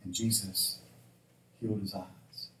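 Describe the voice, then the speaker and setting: A man's voice: low voice, slow, recorded from a distance, a little hiss or hum. A man preaching a sermon, acting out the lines of the figures in the story with changing voices. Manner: animated, acts out dialogue in changing voices. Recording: roomy echo, voice from off-mic.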